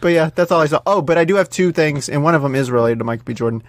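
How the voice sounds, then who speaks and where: A man co-hosting a casual podcast chat, telling jokey stories in an animated way. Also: a little high, rapid-fire, no echo. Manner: animated joking storyteller. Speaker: podcast co-host.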